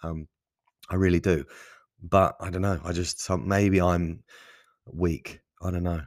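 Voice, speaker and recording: A man's voice: deep voice, little pitch movement, measured pace, no echo, clean studio sound. A man hosting his own podcast, talking off the cuff in a rambling, self-deprecating way with casual swearing. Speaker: podcast host. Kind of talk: casual solo podcast monologue.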